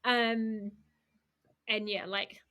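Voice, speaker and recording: A woman's voice: mid-range voice, flat delivery, extremely slow, pushed and bright. A woman author, a podcast guest, chatting casually and laughing at herself. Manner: laughing, self-deprecating.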